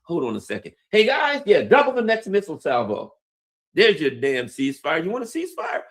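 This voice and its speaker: A defiant male official, as a commentator acts him out, dripping sarcasm and taunts. His voice swings widely, sneering up and dropping low. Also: huge pitch swings, fast talker, husky, exaggerated voice. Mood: taunting.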